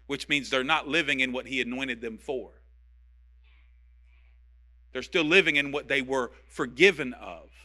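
A man's voice: medium pitch, pushed and bright. A male pastor preaching a sermon with passion and emphasis, repeating key phrases to drive them home.

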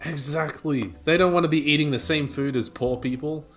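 A man's voice: on the high side, moderate pace, fairly bright tone, soft background music. A man telling a rambling, profane, joking history rant in a casual podcast chat over a video call. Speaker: podcast co-host. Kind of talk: casual chat, comic storytelling.

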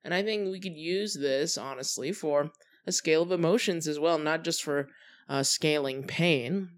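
A young adult hosting a solo podcast, talking casually in a relaxed, chatty way with many fillers and trailing thoughts. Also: medium pitch, moderate pace. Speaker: podcast host.

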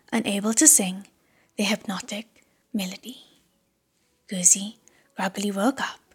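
A woman reading an audiobook in a hushed, measured whisper. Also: medium pitch, slightly rough. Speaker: audiobook narrator.

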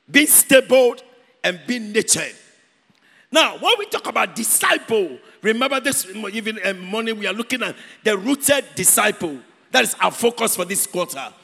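High-voiced gravelly preacher in a hall. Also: male voice, sing-song, measured pace, pushed and bright. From Ghana. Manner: emphatic, repeats key words, sings out phrases. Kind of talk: sermon. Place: church hall. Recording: echoey church hall with long reverb.

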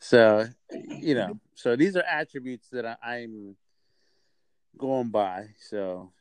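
A man with a smooth, resonant voice hosts a laid-back podcast chat. He rambles, stops and restarts, and repeats his phrases. The sound is dry and close. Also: medium pitch, dry recording. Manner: rambling, halting, repeats himself. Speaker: podcast host.

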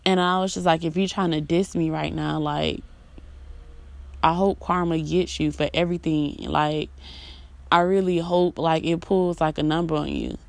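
A woman's voice: low voice, normal speed, creaky, dry recording. A young woman in a casual confessional chat. She talks candidly and rawly, swears freely, and leans on filler words. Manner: sings snatches of songs between talking. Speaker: vlogger.

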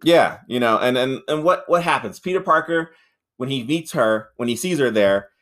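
A man co-hosting a podcast, reviewing a film in casual, profane, rambling chat, laughing often and acting out characters in high voices. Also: animated, moderate pace, a bit bright. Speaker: podcast co-host.

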